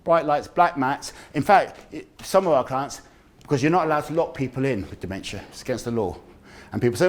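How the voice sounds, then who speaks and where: A middle-aged man giving a lively talk on dementia care, acting out the people in his stories. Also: mid-range voice, brisk. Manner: animated storyteller, acts out quoted voices. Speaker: dementia awareness speaker. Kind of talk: lively public health talk. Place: community event room.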